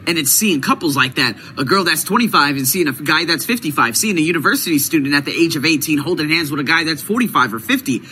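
A man's voice: fairly high pitch, expressive, fast talker, few pauses, pushed and bright, a little hiss or hum, poor audio. A man hosting his own video series, talking through a casual vlog monologue, emphatic and repeating words for stress. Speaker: video host.

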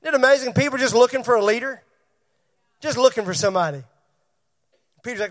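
A man preaches a sermon in church, his voice pitched very high. He asks the congregation questions and calls on people by name as he goes. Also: quick pace. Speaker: pastor.

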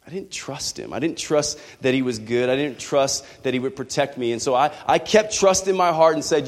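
A man's voice: mid-range voice, normal speed, few pauses, long reverb tail. A man preaching a sermon, telling a candid personal story with rising passion.

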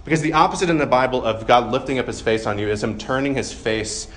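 A man's voice: medium pitch, quick pace. Casual, joking male preacher. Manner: conversational, self-deprecating humor with frequent fillers. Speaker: pastor. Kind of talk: sermon.

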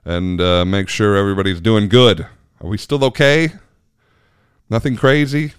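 A man's voice: low-pitched, clean tone, dry recording, clean studio sound. A man hosting his own podcast, talking casually and rambling with frequent laughs. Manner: chatty, rambling, laughs often. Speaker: podcast host. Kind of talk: casual solo podcast chat.

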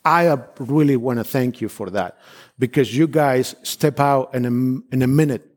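A man's voice: medium pitch, normal speed, a little mellow. Fervent man preaching with an Argentine background. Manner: fervent, repetitive, emphatic declarations; frequent restarts, non-native phrasing. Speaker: visiting missionary preacher. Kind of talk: sermon with personal testimony.

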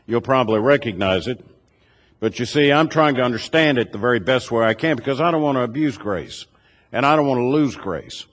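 Guy preaching a sermon from the pulpit, steady repeated questions, big echoey church hall. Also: medium pitch. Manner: measured, rhetorical repeated questions. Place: church sanctuary. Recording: long reverb of a church hall.

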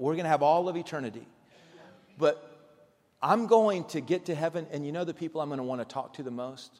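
Animated preacher in a big reverberant hall. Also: male voice, fairly high pitch. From Kansas. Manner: animated preacher, acts out dialogue, swings from loud to hushed. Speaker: pastor. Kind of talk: sermon.

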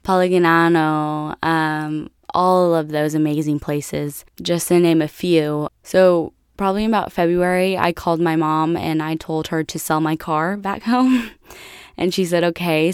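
A woman's voice: sits low, steady tone, normal speed, clear, resonant tone, no echo, clean studio sound. A young woman from the United States telling a personal story to her viewers in a chatty, casual way, full of "like". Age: young adult. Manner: chatty, lots of "like" and laughs. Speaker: vlogger.

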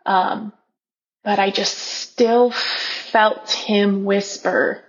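Woman in her 30s, podcast guest, candid animated storyteller, slightly dull lo-fi sound. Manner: animated, acts out her own inner dialogue with quick pitch jumps.

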